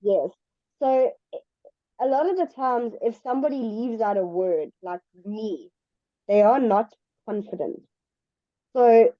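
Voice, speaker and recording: A woman's voice: mid-range voice, expressive, unhurried, no room sound, highs cut off. A woman tutoring English one-on-one over a video call, explaining patiently with examples. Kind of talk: one-on-one online English lesson.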